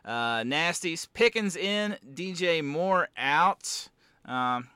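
Bright, clear-voiced joking male host. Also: on the high side, expressive, slow pace, no echo. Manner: joking, wry, rambling. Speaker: podcast host. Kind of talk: casual fantasy football chat.

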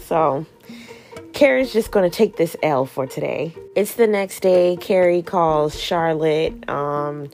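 Chatty woman recapping a show, kinda low and gravelly, swears a lot, acts out the lines. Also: takes it slowly, darkish tone, soft background music. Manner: chatty, slangy, swears freely; retells scenes acting out characters' lines. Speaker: podcast host recapping a TV show. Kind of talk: casual chat recap.

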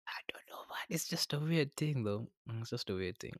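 A man's voice: mid-range voice, expressive, brisk, hardly any pauses, a bit bright, no room sound, clean studio sound. A man hosting a podcast, talking earnestly and a little preachily, often calling the listener man or brother. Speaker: podcast host. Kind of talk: reflective podcast monologue. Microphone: podcast microphone.

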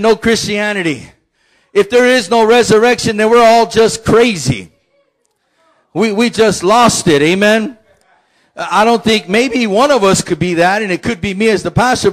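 A man, a pastor, preaching a lively sermon with shouted call-and-response. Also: very high-pitched, normal speed, poor audio.

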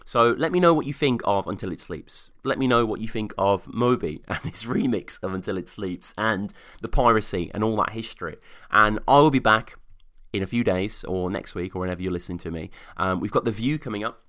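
A man's voice: on the low side, fairly quick, fairly bright tone. A man hosting a solo podcast, chatting casually and reading out listener comments with enthusiasm. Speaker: podcast host.

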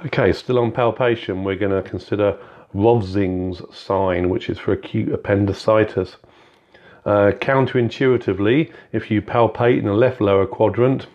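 A man's voice: on the low side, a little mellow. A man talking through a clinical examination step by step, in a methodical, instructive way with frequent fillers. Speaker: clinical skills teacher. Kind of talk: spoken medical teaching walkthrough. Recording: dull, slightly lo-fi sound.

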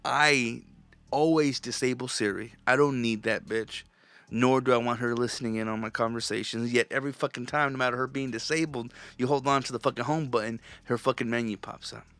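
A man's voice: medium pitch, fairly even intonation, fairly quick, a bit bright, no echo. A man hosting his own podcast, talking alone in a loose, rambling rant full of swearing and restarts. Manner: profane, ranting, rambling; loose and conversational, frequent restarts. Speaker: podcast host. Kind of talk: solo podcast monologue.

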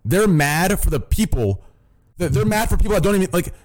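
A man's voice: high voice, expressive, brisk. A young man hosting a stream voice chat, ranting bluntly with constant swearing and repeated "listen" and "okay?". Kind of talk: casual profane stream rant.

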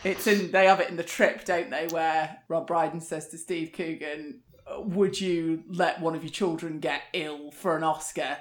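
A woman's voice: deep voice, steady tone, moderate pace. A woman in casual chat, telling a story in a wry way and laughing often.

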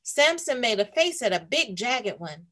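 A woman host reading a picture book aloud to young children, animated and teacherly. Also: on the high side, measured pace. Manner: animated, warm teacherly storytelling.

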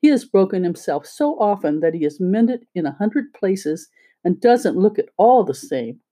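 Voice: medium pitch, very animated, moderate pace, warm tone. A reader voicing a frightened little china princess girl with a timid, fearful voice. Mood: prim.

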